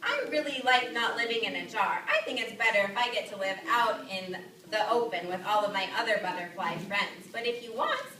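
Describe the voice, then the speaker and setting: Woman doing a gentle talking butterfly, calm and reassuring, echoey hall, distant mic. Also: medium pitch, fairly quick, hardly any pauses, pitched below the performer's own voice, lightly acted.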